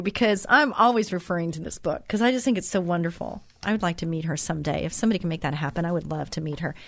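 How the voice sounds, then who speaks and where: A woman's voice: lowish voice, fast, no echo, studio quality. Earnest, heartfelt woman talk show host. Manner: earnest and heartfelt, openly emotional. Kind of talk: inspirational faith talk monologue.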